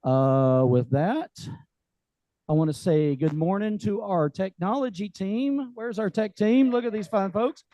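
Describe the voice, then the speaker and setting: A man's voice: high voice, measured pace, mellow, no room sound, dull audio. A man hosting a group meeting, casual, joking and folksy, with lots of fillers. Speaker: meeting host. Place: meeting room.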